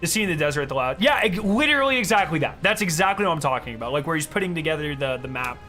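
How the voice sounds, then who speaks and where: A young man chatting casually with his viewers while he plays a game, rambling excitedly with lots of fillers. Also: a little high, rapid-fire, faint music behind. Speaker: game streamer. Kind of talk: casual chat while playing.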